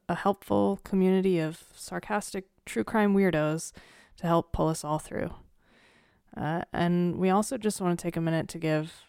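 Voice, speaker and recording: A woman's voice: lowish voice, darkish tone, smooth, no room sound. Woman podcast host, casual announcement, dry close sound, earnest. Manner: earnest, chatty, with fillers. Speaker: true crime podcast co-host.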